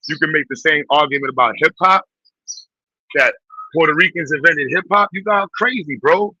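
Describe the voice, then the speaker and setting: A man with a New York accent hosting a blunt, profane, animated rant in quick bursts. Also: a little high, husky, dry recording. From Brooklyn, New York. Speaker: host. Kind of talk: casual ranting commentary. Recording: dull, muffled dry sound.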